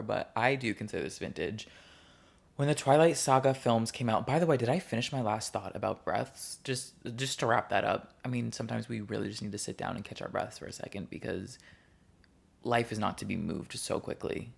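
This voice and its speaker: A man's voice: fairly low pitch, vocal fry. A young man hosting his own podcast from his couch at home, chatting casually and rambling from one topic to the next. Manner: rambling, chatty, easily sidetracked. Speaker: podcast host. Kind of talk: casual solo podcast chat. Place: living room couch at home.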